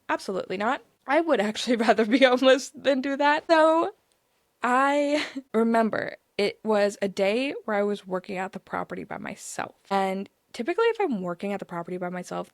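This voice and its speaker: A woman's voice: mid-range voice, no echo. A young woman with a Texan accent tells her story in chatty, emotional bursts, full of filler words. Her voice sits in a middling range. The recording is dry and close, with no room sound. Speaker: podcast host. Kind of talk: casual storytelling.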